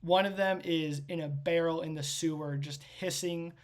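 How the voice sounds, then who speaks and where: A man's voice: fairly high pitch, fairly even intonation, normal speed. A man working as game master, describing a scene in loose, rambling narration full of fillers.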